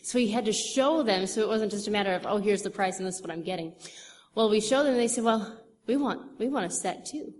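A woman's voice: medium pitch, quick pace, darkish tone. A young woman telling a church audience about her witnessing, chatty and rambling with many fillers and restarts. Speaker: church speaker. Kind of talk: testimony talk. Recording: long hall reverb, faint noise.

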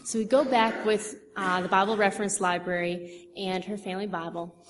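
This church speaker is a young woman with a mid-range voice, a steady tone, and a moderate pace. She rambles chattily through a testimony about her witnessing, with lots of fillers and restarts; crowd noise, faint noise, and long hall reverb are audible.

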